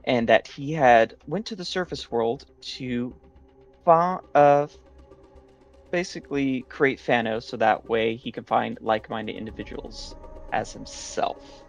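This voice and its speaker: A man's voice: mid-range voice, unhurried, vocal fry, faint music behind. A man casually recapping the last session of a tabletop game, rambling with many fillers and restarts.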